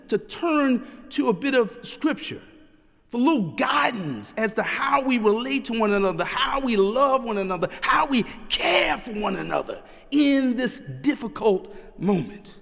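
A middle-aged man delivers a sermon in a high, carrying voice. He preaches in a measured cadence, slowing down and lifting his phrases for emphasis. The long reverb of a large church sanctuary trails after every line. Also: animated, vocal fry, a bit bright. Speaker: pastor.

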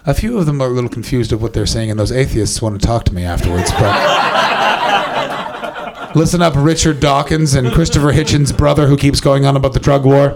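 A man's voice: mid-range voice, a little fast, vocal fry, background noise. A man doing improvised stand-up on a club stage, teasing the audience with a wry, swearing, handheld-mic delivery. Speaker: stand-up comedian. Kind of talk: improvised stand-up with crowd work.

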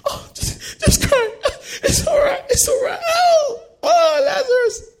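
A man voicing a group of melodramatic women mourners in a high, sobbing falsetto wail. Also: slow, vocal fry, full character voice.

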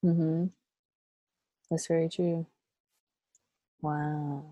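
Young woman, lowish voice, super expressive, jumps way up when she quotes people, dry close sound. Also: extremely slow, no room sound. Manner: animated storyteller who acts out quotes with big pitch jumps. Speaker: interviewee. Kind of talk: casual conversation.

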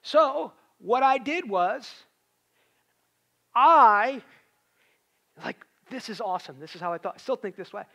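High-voiced man preaching a sermon. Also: lively intonation, fairly quick, creaky, few pauses, a bit bright. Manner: conversational with emphatic rises.

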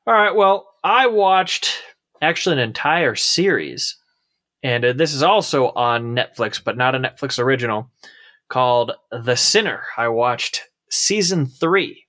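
Easygoing man with a bright voice. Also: mid-range voice, expressive, unhurried. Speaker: podcast co-host reviewing movies. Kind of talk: casual chat.

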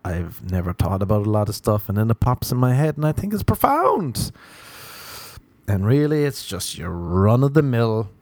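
A man's voice: fairly low pitch, darkish tone, dry recording. A man hosting a solo comedy podcast, rambling through crude, self-mocking observations. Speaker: podcast host.

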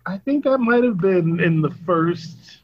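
Easygoing husky man, muffled audio. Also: high voice, lively intonation, measured pace. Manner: easygoing, laughs often. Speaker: podcast co-host. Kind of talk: casual chat.

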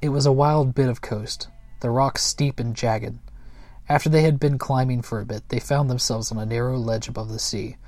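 A man reads a children's storybook aloud in a gentle, unhurried manner at an ordinary male pitch. He sometimes stumbles and chuckles at himself. The recording is dry and close with no room echo. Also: steady tone. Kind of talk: reading a children's book aloud.

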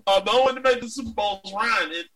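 A man's voice: high-pitched, very fast, recorded from a distance, poor audio. A man co-hosting a casual sports chat, ranting and swearing with lots of energy. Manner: profane, ranting, animated. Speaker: podcast co-host.

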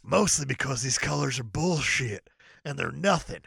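A man's voice: medium pitch, normal speed, vocal fry, slightly rough, no echo, clean studio sound. A man co-hosting a casual comedy podcast about movies, ranting with profane jokes. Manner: profane, animated, jokey rants. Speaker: podcast co-host.

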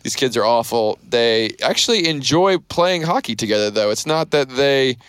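A man's voice: mid-range voice, animated, moderate pace, fairly bright tone, clean tone, no room sound. A man in his thirties hosting a podcast, recapping a movie in a rambling, casual chat full of fillers and restarts. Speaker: podcast host.

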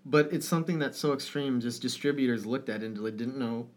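A man's voice: medium pitch, fast. A man with an ordinary mid-range voice talks casually about films with a co-host. He speaks with feeling, drops swear words freely, and laughs now and then. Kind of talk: casual film discussion.

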